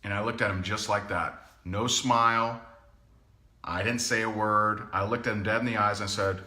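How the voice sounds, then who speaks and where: A man's voice: on the low side, normal speed. A man coaching live in a casual way, telling stories with emphasis and frequent chuckles. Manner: animated storyteller, emphatic, chuckles often. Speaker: sales coach. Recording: echoey room.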